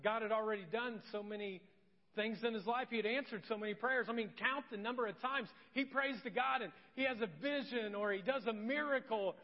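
Earnest high-voiced pastor preaching. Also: male voice. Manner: earnest, emphatic, repeats key phrases. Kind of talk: sermon. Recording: dull sound with long church-hall reverb.

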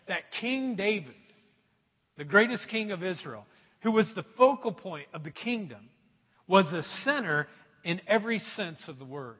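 Husky high-voiced pastor preaching in a hall. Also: male voice. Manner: animated storytelling, talks to the congregation. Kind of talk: sermon. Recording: dull sound, long hall reverb.

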